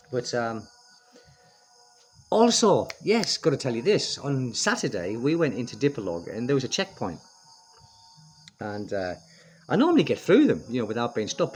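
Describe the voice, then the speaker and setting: A man's voice: medium pitch, slightly rough. A middle-aged British man vlogging in a casual, opinionated way, rambling with lots of fillers and restarts. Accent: British English. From United Kingdom. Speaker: expat vlogger. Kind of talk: casual chat to camera.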